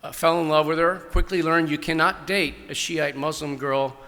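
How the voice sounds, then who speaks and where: An enthusiastic older man talks with an audience, circling back and restarting his thoughts. His voice is bright and forceful and sits a little high. The sound carries the long reverb of a big hall. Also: fairly even intonation, moderate pace. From New England. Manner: rambling, enthusiastic, many restarts. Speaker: author at book festival Q&A. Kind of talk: casual audience Q&A. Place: large hall.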